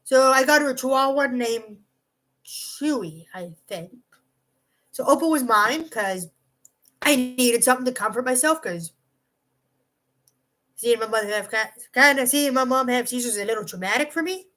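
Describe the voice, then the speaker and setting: A woman's voice: high-pitched, expressive, normal speed, pauses often, fairly bright tone. A young woman casually telling a rambling personal story, swearing freely and often restarting her sentences. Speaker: vlogger.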